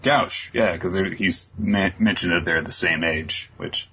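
A man co-hosting a podcast, casually recapping a chapter in a rambling way, dropping into quick voices for characters. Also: low-pitched, gravelly, pushed and bright, slight background noise. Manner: rambling, many ums and quick put-on voices. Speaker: podcast co-host.

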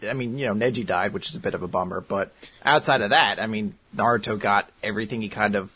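A man's voice: fairly low pitch, fast, slightly rough. A man co-hosting a podcast, chatting casually and joking around, reading out listener answers. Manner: animated, jokey, puts on silly voices when quoting. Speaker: podcast co-host. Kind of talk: casual chat.

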